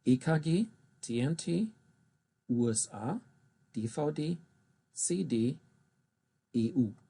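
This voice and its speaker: A man teaching German, spelling out abbreviations and pronouncing German words slowly and carefully between English explanations. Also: on the high side, lively intonation, vocal fry, warm tone, slightly rough. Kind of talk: recorded language lesson.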